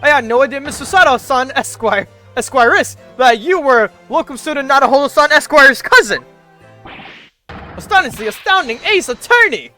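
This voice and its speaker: A gushing, overexcited admirer from a story game, as a man puts him on, pitched high and loud with flowery praise. Bright and breathless, swooping all over. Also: expressive, moderate pace, faint music behind, full character voice. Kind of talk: reading game dialogue aloud.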